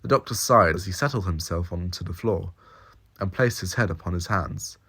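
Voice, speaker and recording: Very deep-voiced male story reader. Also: moderate pace, husky. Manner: steady, descriptive storytelling. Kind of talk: audio story narration.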